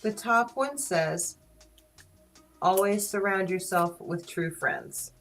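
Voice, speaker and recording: A woman with a Southern US accent hosting a casual live stream, playful and teasing, quick to laugh. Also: mid-range voice, faint music behind, poor audio. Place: small studio.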